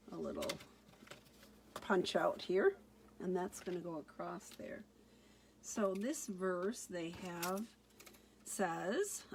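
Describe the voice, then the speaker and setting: A middle-aged woman leads a relaxed crafting demonstration at an unhurried pace, narrating each small step. Her voice sits a little low, with a faint hum of room noise behind her. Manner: chatty, relaxed, talks through each step. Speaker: card-making demonstrator. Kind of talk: casual crafting tutorial.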